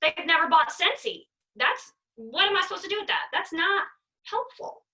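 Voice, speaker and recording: Brief: woman team leader, high and bright, emphatic and chatty, mic a bit far off. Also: animated, moderate pace. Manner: emphatic, chatty, repeats herself. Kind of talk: motivational training talk.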